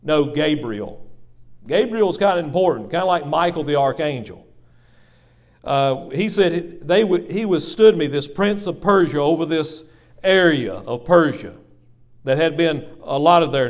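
A man preaching a sermon in church, dramatic and repetitive, calling the congregation folks. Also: on the high side. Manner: dramatic swings between loud emphasis and hushed asides. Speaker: pastor.

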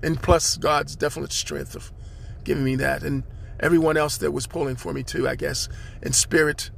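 A man's voice: a little high, level tone, normal speed, gravelly, fairly bright tone, slight background noise. A man hosting his own podcast, delivering a rambling spiritual monologue with preachy, chanted repetitions. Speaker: podcast host.

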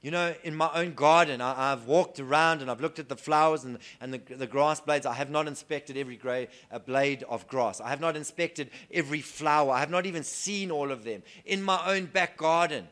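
Earnest male preacher, slightly high voice, sermon swinging from hushed to declaring. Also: fairly quick, hardly any pauses. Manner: earnest, swings between soft hushed lines and loud emphatic declarations.

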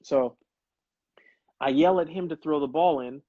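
A man in his thirties, a former pro player, spins stories for his livestream viewers in an easygoing, chatty way. His voice sits a little high and comes through dry and slightly muffled. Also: a little slow, slightly rough, no echo. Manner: laid-back storytelling, calls people brother. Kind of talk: casual livestream chat.

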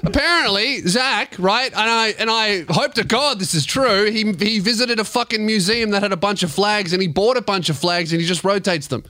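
An Australian man hosting a comedy podcast, loud and joking, teasing his co-host and swearing freely into a studio microphone. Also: sits high, moderate pace, hardly any pauses, no echo. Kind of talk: crude comedic podcast banter.

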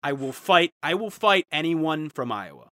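A man's voice: a little high, lively intonation, moderate pace, pushed and bright, dry recording, studio quality. A young man from Ohio hosting a podcast, ranting in mock outrage in a casual chat. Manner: ranting, mock-outraged, jumps into quoted voices. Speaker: podcast host.

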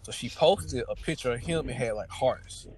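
A man's voice: medium pitch, moderate pace. A man on a podcast telling a personal story in a casual, slang-heavy, rambling way that swings between mumbles and heated bursts. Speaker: podcast co-host.

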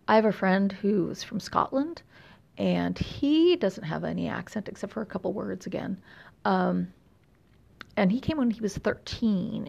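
Speaking at a medium pitch with a creaky voice, a middle-aged Californian woman with a faint Texas drawl rambles through a casual chat, full of filler words and jokes at her own expense.

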